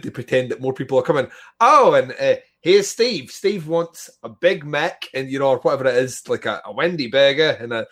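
A man co-hosting a podcast in casual chat, animated, laughing often and swearing casually. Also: medium pitch. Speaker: podcast co-host.

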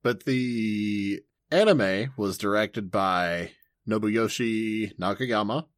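A man's voice: fairly low pitch, slow, no room sound, studio quality. An enthusiastic man co-hosting a casual anime podcast, playful and laughing often. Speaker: podcast co-host.

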